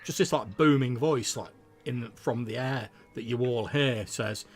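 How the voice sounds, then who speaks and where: Brief: male game master, loose chatty narration, gravelly texture. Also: mid-range voice, moderate pace, faint music behind. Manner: loose, filler-heavy narration.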